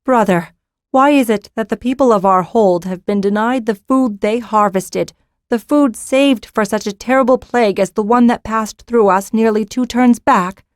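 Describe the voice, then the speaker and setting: A woman's voice: a little high, moderate pace, no room sound, studio quality, voice pushed up, lightly acted. Stern, commanding young noblewoman in an audiobook, raised and firm, read by a woman. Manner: stern, authoritative. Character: commanding young noblewoman taking charge of a hold.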